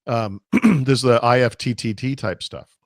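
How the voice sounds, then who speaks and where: A man co-hosting a casual tech podcast, losing his voice and clearing his throat, rambling with fillers and restarts. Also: mid-range voice, a little slow, no echo, studio quality. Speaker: podcast co-host.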